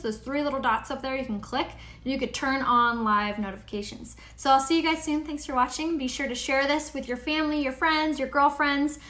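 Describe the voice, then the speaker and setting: A woman hosting a live makeup tutorial, chatting upbeat with viewers and pitching her products. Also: a bit bright, reverberant. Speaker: makeup seller and tutorial host.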